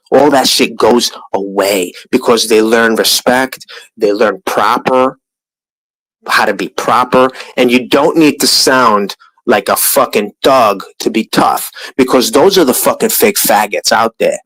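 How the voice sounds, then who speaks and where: A man rants on a live stream in an animated, profane, mocking way, sometimes putting on voices to imitate others. His voice is mid-range, and the recording is low quality.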